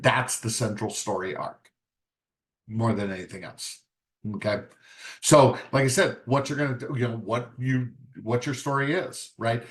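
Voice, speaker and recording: Man leading a casual writing workshop. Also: mid-range voice. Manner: conversational, acts out little scenes with quick voice shifts.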